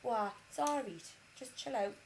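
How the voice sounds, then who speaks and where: A woman imitating a calm, laid-back young man who soothes everyone with easygoing reassurance. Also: on the high side, normal speed, slight background noise, rough recording. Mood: soothing.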